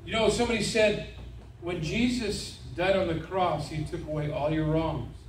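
High-voiced preacher echoing through a church. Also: male voice, normal speed, recorded from a distance, a little hiss or hum. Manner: animated, with stammering restarts and "amen"s. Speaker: evangelist preacher. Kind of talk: sermon. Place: church sanctuary. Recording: echoey church, voice from afar.

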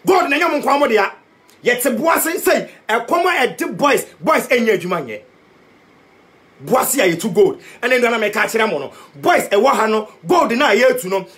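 A young activist who vlogs, a man with a Ghanaian accent, delivers an impassioned political rant straight to the camera, switching between Twi and English. His voice is unusually high for a man, with a slightly bright quality, and it swoops up and down as he repeats himself to drive points home.

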